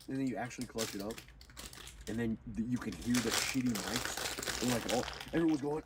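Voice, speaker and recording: A man's voice: medium pitch, a little fast. Rambling, swearing young man, distant mic. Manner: preachy, profane, loosely rambling. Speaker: gaming video host. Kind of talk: casual rambling monologue over gameplay. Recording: distant mic with clear background noise.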